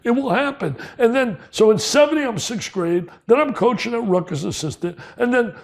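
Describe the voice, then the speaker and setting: An older man from New Jersey, telling stories as a guest in an interview, excitable and emphatic, repeating lines for punch. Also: very high voice, a little fast. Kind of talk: storytelling interview.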